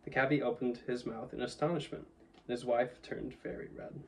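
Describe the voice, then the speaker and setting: A man reading a children's novel aloud in a steady, even storytelling manner, a little away from the mic. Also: mid-range voice, normal speed, vocal fry, recorded from a distance, low-quality recording. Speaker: audiobook reader. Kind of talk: storybook narration.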